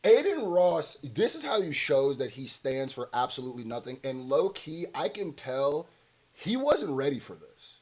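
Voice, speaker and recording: A man's voice: on the high side, big pitch swings, normal speed, a little mellow. A man hosting casual reaction commentary, talking bluntly with slang and rhetorical questions and laughing often. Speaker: commentary host.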